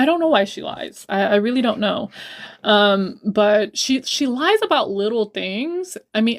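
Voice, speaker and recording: A woman's voice: mid-range voice, creaky. A young woman livestreaming a casual storytime, blunt and profane, heated and repeating herself for emphasis. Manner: blunt and profane, swears a lot.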